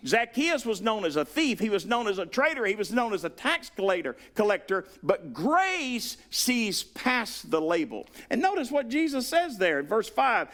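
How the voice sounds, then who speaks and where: A man with a Southern US accent preaching a sermon, animated, acting out the voices he quotes. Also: high voice. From Southern United States. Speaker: pastor.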